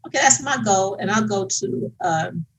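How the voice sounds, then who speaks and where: A woman's voice: mid-range voice, expressive, moderate pace, slight background noise, rough recording. An older woman on a family video call speaking earnestly and emotionally about faith and her goals.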